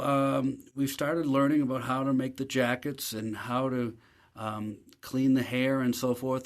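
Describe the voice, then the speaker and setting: A man, a professor being interviewed as the guest, telling a self-deprecating story in an easy, anecdotal way. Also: medium pitch.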